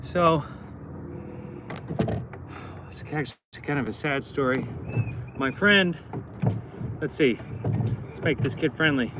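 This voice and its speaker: A man's voice: medium pitch, unhurried, pauses often, noisy background. A man in his thirties chatting casually outdoors while fixing a fence, rambling and telling corny jokes between chores, recorded on a phone. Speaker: livestreaming farmer.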